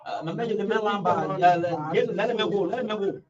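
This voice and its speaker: A man's voice: high-pitched, normal speed, a crowd in the background. A man hosting a call-in political talk show, speaking emphatically, repeating himself and filling with "you know". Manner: emphatic, repetitive, heavy use of "you know". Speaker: radio talk show host. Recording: dull, distant radio studio recording.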